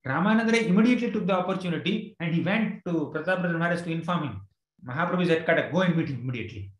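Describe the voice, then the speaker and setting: A man's voice: on the high side, lively intonation, racing, echoey room, low-quality recording. A man giving a scripture class, retelling a story with quoted verses and frequent fillers. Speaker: spiritual teacher.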